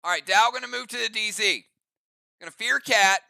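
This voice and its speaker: A man's voice: high-pitched, normal speed, vocal fry, bright, forceful tone, clear, resonant tone, no room sound. A man running an online role-play game as game master, narrating moves in a casual, chatty way with rambling asides.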